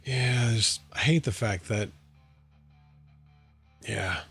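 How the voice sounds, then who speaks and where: A man's voice: fairly low pitch, slow pace, gravelly, a bit bright, slightly rough, faint music behind. Rambling man chatting on a livestream. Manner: rambling, answering chat, thinking aloud. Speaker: livestream host. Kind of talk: casual livestream chat. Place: home.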